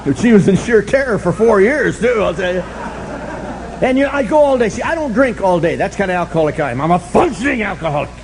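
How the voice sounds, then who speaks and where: An older man stands up to tell his story at a recovery meeting, his voice sitting a little high for a man. He mocks himself freely and swings into loud, shouted bursts when he wants a point to land. A faint hiss of room noise runs underneath. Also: fast. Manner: animated, self-mocking, bursts into shouts for emphasis.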